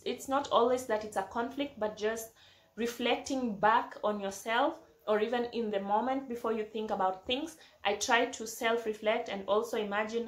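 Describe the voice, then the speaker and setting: Earnest woman vlogging in an echoey room. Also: a little high. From not from Germany, living there. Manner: earnest, reflective, repeats phrases for emphasis. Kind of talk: casual talk to camera.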